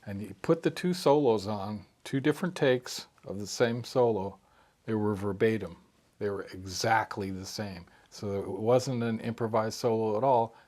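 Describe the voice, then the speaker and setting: A man's voice: on the low side, normal speed, a little mellow. A man, a harmonica player, telling recording-studio anecdotes in a casual interview, rambling with restarts and asides.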